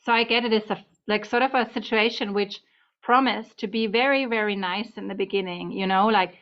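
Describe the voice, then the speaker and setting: Brisk and fairly even in intonation, this woman's mid-range voice carries a casual at-home tarot reading to camera. She meanders and chats, sounds slightly out of breath, and talks to her cat between points. Sound quality is dull and lo-fi.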